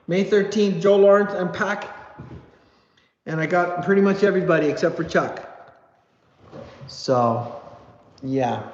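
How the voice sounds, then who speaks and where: Chatty man on a roomy live stream. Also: a little high. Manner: chatty, reads viewer comments aloud, self-deprecating. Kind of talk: casual live stream chat. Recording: dull, roomy audio with long reverb.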